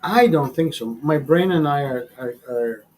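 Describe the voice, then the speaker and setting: A man's voice: on the high side, lively intonation, measured pace, darkish tone, a little hiss or hum. A man hosting a livestream in casual, crude chat, profane and rambling, often laughing. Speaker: livestream host.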